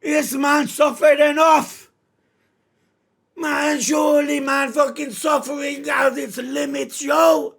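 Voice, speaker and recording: Shouting high-voiced man reacting live. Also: little pitch movement, slow pace, creaky. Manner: shouting, emotional, swearing, reads panels aloud. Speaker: streamer reacting live to manga chapters.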